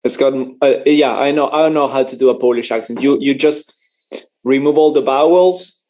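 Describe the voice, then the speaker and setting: A man's voice: mid-range voice, normal speed, darkish tone. A man casually commenting on a live race for his stream, chatty and joking, laughing often and stumbling over his words.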